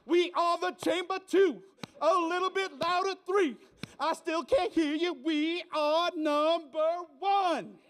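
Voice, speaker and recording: A man's voice: very high voice, fairly even intonation, takes it slowly, fairly bright tone, slight background noise, pitched above the performer's own voice, exaggerated voice. A man doing a chanting, overeager cheerleader. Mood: rallying.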